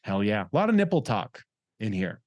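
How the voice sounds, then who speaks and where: A young man hosting a podcast in casual, rambling chat, joking around and reading out listener shout-outs. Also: on the low side, big pitch swings, normal speed, no echo, studio quality. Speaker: podcast host.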